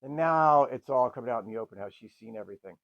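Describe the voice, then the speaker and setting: A man's voice: mid-range voice, lively intonation, quick pace, dull audio. A man casually recapping an old film's plot as a podcast host, acting out the characters' lines and swearing freely. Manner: repeats a stock phrase. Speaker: podcast host reviewing a film.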